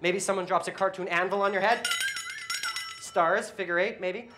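A woman's voice: mid-range voice, fairly even intonation, normal speed, background noise. A woman hosting a children's music show, joking goofily and leading the audience in call-and-response. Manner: goofy, exaggerated, leads audience call-and-response. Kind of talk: playful children's TV presenting.

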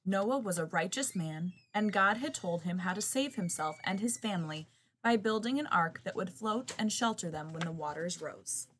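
A woman reading a children's picture book aloud in an expressive, lively way. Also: fairly low pitch, moderate pace, slight background noise.

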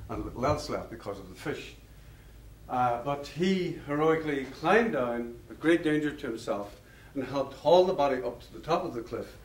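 A man's voice: medium pitch, a little hiss or hum. Man lecturing in an echoey hall. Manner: discursive, anecdotal, chuckles at his own stories. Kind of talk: public lecture with storytelling. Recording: roomy hall, mic far off.

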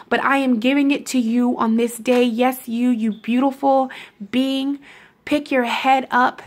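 Young female self-love vlogger, high voice, affectionate and chatty, talking to camera. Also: fairly bright tone. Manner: affectionate, calls viewers honey and love muffin, laughs often. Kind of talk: casual motivational talk to camera.

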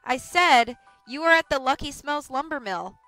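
Woman doing an anxious protective teenage girl, earnest, firm, bright and forceful, storybook reading. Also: high voice, expressive, normal speed, faint music behind. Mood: worried, insistent. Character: worried protective teenage girl, eldest sister.

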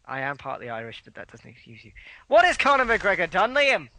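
A man's voice: high voice, wildly swooping pitch, fairly quick, pushed and bright, a little hiss or hum. A man co-hosting a casual podcast chat, recapping news bluntly and swearing freely. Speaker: podcast co-host.

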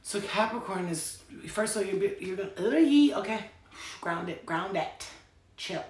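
A woman's voice: medium pitch, lively intonation, measured pace, darkish tone. A young woman reading tarot on a casual stream, talking in a rambling, profane, chatty way. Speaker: tarot reader. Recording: echoey room with faint noise.

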